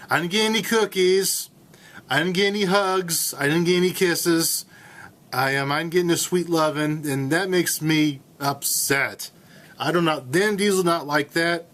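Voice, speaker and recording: A man's voice: fairly high pitch, a bit bright. A man in his late twenties hosting a college radio show from the studio, joking around in a goofy, hammy way. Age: late 20s. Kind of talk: casual comedic radio hosting.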